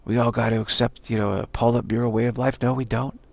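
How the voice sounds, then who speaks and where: A man's voice: medium pitch, level tone, fast, darkish tone, no room sound. An American man talking in a rambling monologue, emphatic and repetitive, with many restarts. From United States. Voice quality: gravelly, husky. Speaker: speaker sharing personal views.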